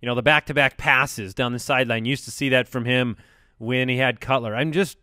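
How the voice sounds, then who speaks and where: A man's voice: medium pitch, fairly even intonation, fairly quick, sharp tone, no echo, studio quality. A man hosting a casual sports podcast, upbeat and steering the talk from topic to topic. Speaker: podcast host.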